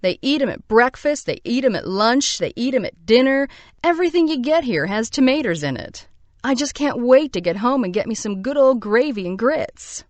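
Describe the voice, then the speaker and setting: A woman's voice: fairly high pitch, expressive, moderate pace, darkish tone, no echo, voice pushed up, natural voice. A woman voicing a fussy, homesick Southern belle with a thick Southern US drawl and exasperated whining, in a read-aloud story.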